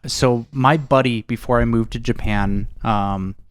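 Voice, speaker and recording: A young American man co-hosting a casual chat, animated and quick to slip into exaggerated accent impressions. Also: mid-range voice, dry recording. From United States. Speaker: podcast co-host.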